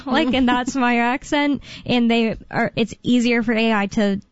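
A fairly high-voiced woman hosts a talk radio show, rambling on with plenty of fillers and restarts. The sound is dry and dull, like lo-fi radio. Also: moderate pace, no echo. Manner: chatty, rambling, many fillers. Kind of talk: casual talk radio chat.

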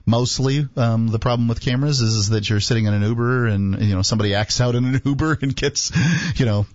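A man co-hosting a call-in radio talk show, explaining things in a measured way with pauses. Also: medium pitch, darkish tone, no echo. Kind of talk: casual radio chat. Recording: dull dry studio sound.

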